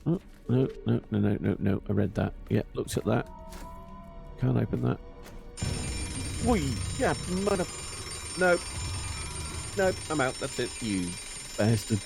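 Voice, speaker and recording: A man's voice: medium pitch, expressive, unhurried, vocal fry, long pauses, over music. A man streaming a game live, muttering, swearing and exasperated as he plays. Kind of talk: live gameplay commentary.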